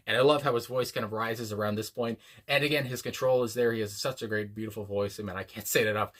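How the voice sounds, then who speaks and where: A man hosting a music reaction video, talking casually and reflectively with many pauses and fillers, reading lyrics aloud slowly. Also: on the low side, fairly even intonation, a bit bright. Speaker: music reaction channel host. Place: home room, a dog nearby.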